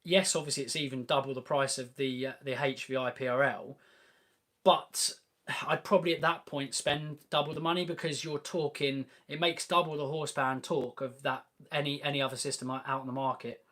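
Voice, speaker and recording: A man's voice: mid-range voice, fairly even intonation, fairly quick, fairly bright tone. A young man hosting a live car Q&A, chatting casually and enthusiastically, with plenty of ums and restarts. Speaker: host of a car channel live Q&A. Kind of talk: casual live-stream Q&A chat.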